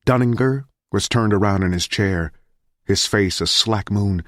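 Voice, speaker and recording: A man reading a thriller audiobook in a measured, grim narration. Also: lowish voice, fairly bright tone, no echo, clean studio sound.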